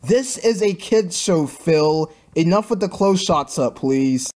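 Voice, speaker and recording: A man's voice: a little high, expressive, slow pace, darkish tone. A man giving sarcastic review commentary on a cartoon, ranting in an exasperated, mocking way.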